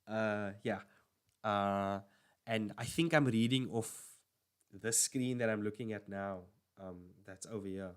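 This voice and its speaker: A man's voice: on the low side, a little slow, clean tone. A man chatting casually on a stream, rambling and correcting himself as he goes. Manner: rambling, self-correcting, filler-heavy. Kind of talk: casual chat.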